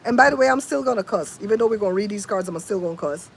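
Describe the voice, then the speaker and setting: A woman's voice: mid-range voice, expressive, very fast, creaky. An older woman, a grandmother, hosting a casual livestream outdoors, telling stories and mimicking sounds as she chats to viewers by name. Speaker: livestream host. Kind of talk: casual livestream chat and storytelling. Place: outdoors in wind. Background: faint wind noise.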